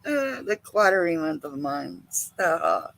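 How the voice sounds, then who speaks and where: A woman's voice: fairly low pitch, huge pitch swings, slow, vocal fry, fairly bright tone, poor audio. A woman co-hosting a casual livestream chat, chatty and laughing often. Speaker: co-host.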